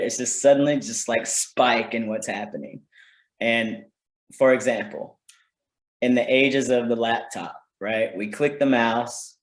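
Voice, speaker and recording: A man presenting a parenting workshop in an informal teaching style, conversational and often checking in with "right?". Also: medium pitch. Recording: roomy echo.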